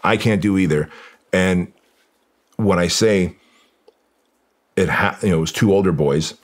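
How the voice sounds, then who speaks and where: A man's voice: sits low, unhurried. A man from Armenia, a guest in an interview, telling a personal story in an earnest, emotional way and quoting his own thoughts aloud.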